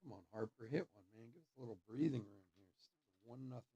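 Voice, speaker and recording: A man's voice: medium pitch, fast, mellow, husky, no echo. A middle-aged man hosting a live card break, chatting casually and telling stories with frequent laughter. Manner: storytelling, laughs often. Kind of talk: casual live-stream chat. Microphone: desk mic on a stream setup.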